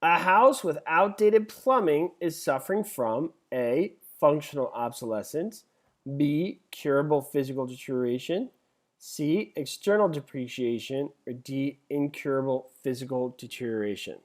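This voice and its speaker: A middle-aged man teaching a live webinar as an exam instructor, chatty and joking, reading multiple-choice questions out slowly. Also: a little high, animated. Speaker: real estate exam instructor.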